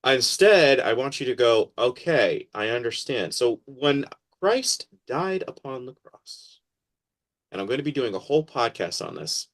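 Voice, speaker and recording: A man talking as a podcast guest in a casual interview, animated and acting out quoted voices as he explains. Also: medium pitch, unhurried.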